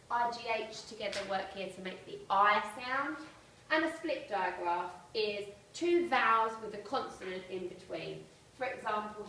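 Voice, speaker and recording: Teacher in an echoey room. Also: female voice, medium pitch, a bit bright, recorded from a distance, slight background noise. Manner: clear, explanatory, spells out letters slowly. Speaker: primary school teacher. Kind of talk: presentation to parents.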